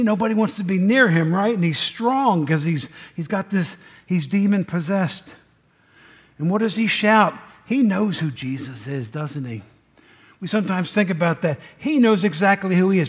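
A man, preaching a folksy sermon and asking the congregation questions. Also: high-pitched. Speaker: pastor.

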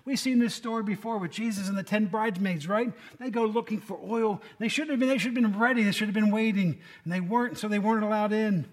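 A man's voice: high-pitched, steady tone, fast talker, few pauses. A man preaching a conversational sermon, folksy and quizzing his listeners by name. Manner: folksy, asks the congregation questions by name.

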